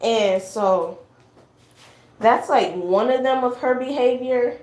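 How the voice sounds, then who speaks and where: A woman's voice: fairly high pitch, takes it slowly, darkish tone. Young woman rambling through a story, echoey room. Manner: rambling, heavy fillers, acts out family quotes. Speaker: guest sharing a personal story. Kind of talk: casual storytelling chat.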